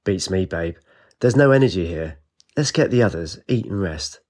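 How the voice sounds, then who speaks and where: A man's voice: low voice, lively intonation, moderate pace, a little mellow. A man voicing a casual, easygoing young man companion. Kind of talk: audiobook character voice.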